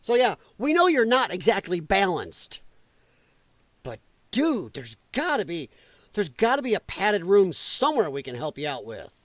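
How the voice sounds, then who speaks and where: Man hosting a political livestream: a profane, mocking rant, with a pitch that jumps all over and a dry, close sound. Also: huge pitch swings, a little slow, no room sound. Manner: profane and mocking, with sarcastic asides; laughs at his own jokes. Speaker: political commentary show host.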